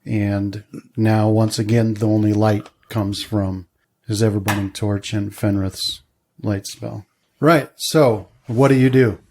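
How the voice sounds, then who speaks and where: A man running a tabletop game as game master, describing scenes in a relaxed way with frequent fillers. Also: on the low side, takes it slowly, slight background noise.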